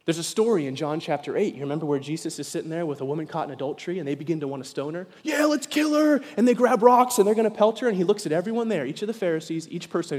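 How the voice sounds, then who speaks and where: High-voiced preaching man in a reverberant hall. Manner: animated preaching, acts out voices of people. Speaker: pastor. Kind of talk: sermon. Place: church sanctuary.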